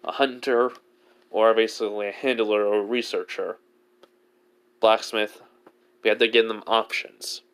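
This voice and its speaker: A man's voice: lowish voice, steady tone, a little slow, long pauses, clear, resonant tone. A man voicing a businesslike male military commander in a fan-made story, read plainly with fillers.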